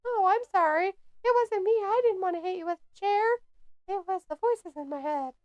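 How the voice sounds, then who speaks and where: A woman's voice: very high voice, moderate pace, no room sound, muffled recording, voice pushed up. A woman putting on a whiny young woman wrestler, in sing-song sarcastic mockery. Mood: mock innocent.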